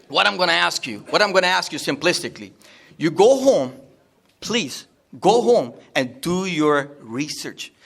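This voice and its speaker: A man's voice: fairly high pitch, a bit bright. A man speaks to a seminar crowd. He rambles, jokes and circles back to the same points over and over. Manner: rambling, jokey, repeats himself. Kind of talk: informal talk to a live audience. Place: seminar room.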